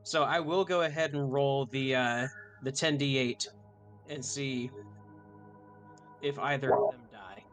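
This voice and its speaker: A young man at a tabletop game talks his turn through out loud, pausing and restarting as he decides. His voice has a plain middle pitch. Soft music plays faintly underneath. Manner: hesitant, thinks aloud with many ums and restarts. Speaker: player. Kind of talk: casual chat at a tabletop game.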